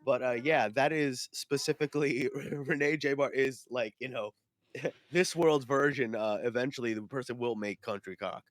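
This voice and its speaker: A man co-hosting a podcast, sniffly, telling stories in a rambling, animated way full of fillers and restarts. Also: mid-range voice, moderate pace, no room sound. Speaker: podcast co-host. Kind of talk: casual chat.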